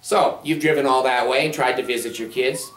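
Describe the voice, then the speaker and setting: A man's voice: medium pitch, fairly even intonation, brisk, a bit bright. A man counselor talking to camera in a casual monologue, blunt, sardonic and rambling. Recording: roomy sound from a distant mic.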